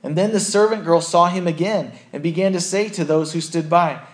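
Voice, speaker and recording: A man's voice: a little high, fairly quick, hardly any pauses. A man giving a conversational sermon, acting out quotes from the story and his own life. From southern United States. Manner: conversational, acts out quotes in character voices. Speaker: preacher.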